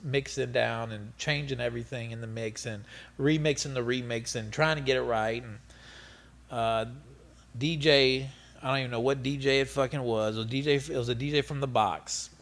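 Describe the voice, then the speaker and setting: A middle-aged man telling stories as an interview guest, animated and profane, laughing often. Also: medium pitch, normal speed, creaky. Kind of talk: casual storytelling interview.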